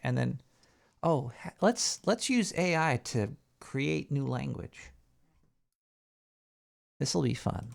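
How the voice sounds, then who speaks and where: Gravelly-voiced rambling male host. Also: fairly high pitch. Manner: rambling, jokey, thinks out loud. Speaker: show host. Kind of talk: casual live show banter.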